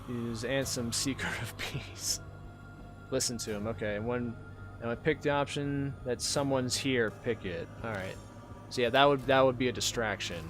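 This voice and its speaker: A man's voice: mid-range voice, normal speed, over music. Swearing, joking let's-play man. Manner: joking, swearing, reads game text aloud. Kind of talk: casual gameplay commentary.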